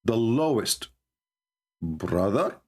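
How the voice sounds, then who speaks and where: A man's voice: lowish voice, very animated, extremely slow, darkish tone. A man giving a sarcastic, mocking monologue as a religious debater, full of scornful rhetorical questions.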